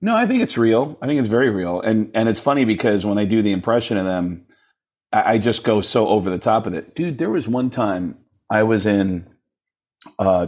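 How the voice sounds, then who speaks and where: A comedian and impressionist telling stories in an animated way, slipping into voices for the people he quotes. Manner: acts out voices in quoted dialogue, jumping high and low.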